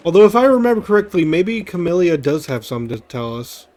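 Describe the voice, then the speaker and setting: A man casually commenting on his gameplay as a let's play host, halting and rambling as he thinks aloud. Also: on the high side, big pitch swings, a little mellow. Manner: rambling, halting, with fillers and restarts.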